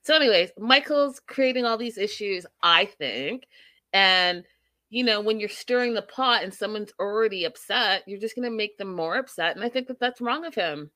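A woman's voice: mid-range voice, lively intonation, moderate pace, pushed and bright, no room sound. A young adult woman hosting a casual reality TV recap, chatty and opinionated, with playful asides to her viewers.

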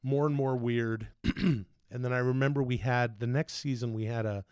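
A man telling loose, profane stories in casual chat, slipping into quick impressions. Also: medium pitch, steady tone, a little mellow, clear, resonant tone, no room sound, clean studio sound. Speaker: podcast guest telling stories.

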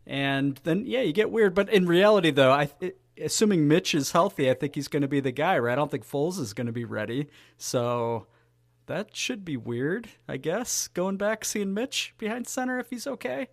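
A man's voice: on the high side, expressive, normal speed, creaky, dry recording, studio quality. Wry man chatting on a sports podcast. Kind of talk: casual chat.

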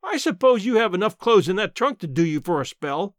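A man voicing a blunt, sharp-tongued old countrywoman aunt in a story reading, dry and matter-of-fact, with plain country talk. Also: high-pitched, big pitch swings, moderate pace, no echo.

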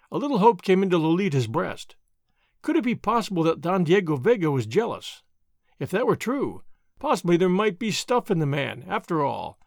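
Expressive male storybook narrator. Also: high voice, creaky, dry recording, studio quality. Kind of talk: audiobook narration.

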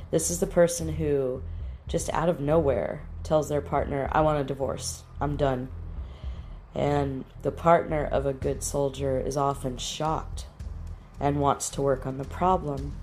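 A woman's voice: deep voice, mellow. A woman teaching about relationships in a plain-spoken, direct way, giving firm practical instructions. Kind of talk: instructional talk to camera.

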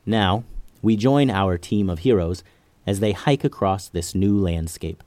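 Low-voiced man telling a kids' story. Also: measured pace, a little mellow, no echo. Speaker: podcast host and storyteller. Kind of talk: children's story narration.

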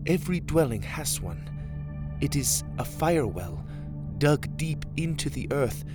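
A man's voice: a little high, big pitch swings, unhurried, music in the background, pitched above the performer's own voice. A man doing a formal underground girl. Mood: calm. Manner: formal, no contractions.

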